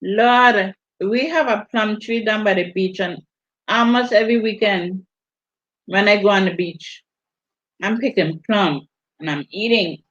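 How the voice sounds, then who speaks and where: Slow-talking Virgin Islands woman, chatty. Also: medium pitch. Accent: Virgin Islands Caribbean. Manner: chatty, teasing, laughs often. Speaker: vlogger hosting a live stream. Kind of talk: casual chat reading viewer comments. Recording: dull lo-fi audio.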